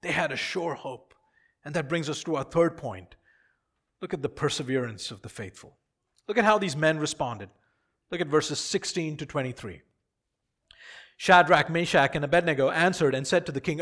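A man preaching a sermon with a fairly high voice. He swings between hushed, drawn-out phrases and loud, emphatic peaks, and repeats key lines for weight. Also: lively intonation. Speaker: pastor.

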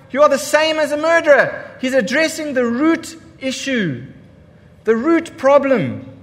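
Preaching a sermon, a male pastor uses a high, highly animated voice whose pitch leaps and dips for emphasis. He keeps repeating his main points and asking the congregation rhetorical questions, all carried by the long reverb of a church hall.

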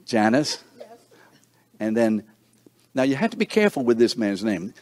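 A man's voice: medium pitch, big pitch swings, moderate pace, darkish tone. An older man hosting a seniors breakfast, introducing guests one by one with playful teasing and stumbling over names. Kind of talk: introducing people in a room, joking.

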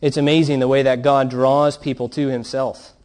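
A man preaching a sermon in an earnest, steady way, telling stories to his congregation. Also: medium pitch, normal speed. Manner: earnest preaching, reads quoted account with rising fervor. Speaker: pastor.

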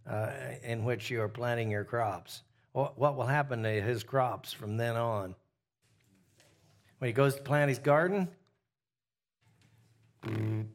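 A man leading a Bible study, teaching in a relaxed conversational way, often pausing with "uh" and putting questions to his listeners. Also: mid-range voice. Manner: asks the group questions, frequent "uh" fillers.

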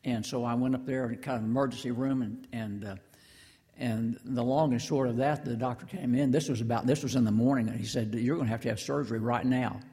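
An older man preaching a sermon, folksy and halting, with frequent restarts and asides to the congregation. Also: medium pitch, steady tone, mellow, big-room sound. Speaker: pastor. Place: church sanctuary.

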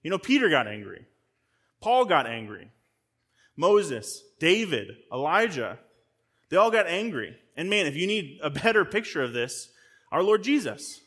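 A man's voice: on the high side, very animated, measured pace, fairly bright tone, slightly rough. A man giving a sermon as a guest pastor. He preaches conversationally, speaks straight to his listeners, and often repeats words as he restarts. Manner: frequent word repeats and restarts.

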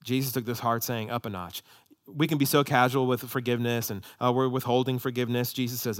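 A man preaching a sermon, impassioned, swinging from loud emphatic peaks to low hushed asides. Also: steady tone, quick pace. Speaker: pastor.

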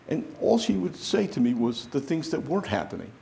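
Man preaching a lively sermon. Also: a little high, brisk, creaky, a little hiss or hum. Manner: animated preaching, acting out quoted voices. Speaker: pastor.

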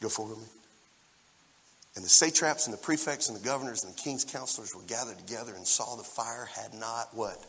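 A man in his forties preaching a lively sermon and talking straight to the congregation in a church hall. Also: mid-range voice, quick pace, creaky, hardly any pauses, slight background noise. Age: 40s. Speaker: pastor. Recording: long church-hall reverb.

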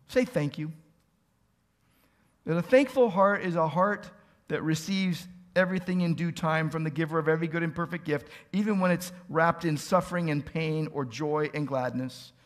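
Earnest male pastor preaching a sermon. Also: fairly high pitch. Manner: earnest, pleading rhetorical questions, builds to emphatic peaks.

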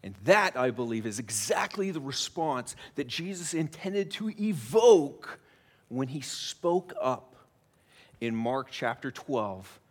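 A man's voice: mid-range voice, very animated, takes it slowly, breathy edge. A middle-aged American man preaching a sermon in a church, talking conversationally with self-deprecating humor. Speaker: pastor. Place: church sanctuary.

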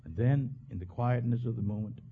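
A male pastor preaching a sermon, swinging from hushed low lines to loud high bursts. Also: fairly quick, narrow, tinny audio, a little hiss or hum.

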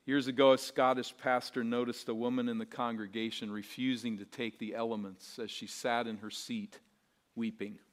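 A man preaching a sermon as pastor, earnest and rhetorical, repeating phrases and swinging between soft, quiet lines and emphatic ones. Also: medium pitch, little pitch movement, normal speed. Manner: rhetorical questions and repetition.

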